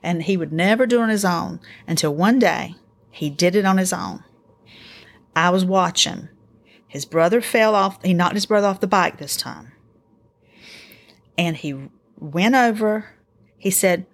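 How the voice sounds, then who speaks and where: A middle-aged woman hosting a casual faith-based parenting talk, earnest and encouraging, telling family stories in an animated way. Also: on the low side, unhurried, pauses often. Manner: earnest, encouraging, animated storytelling with acted quotes. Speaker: podcast host.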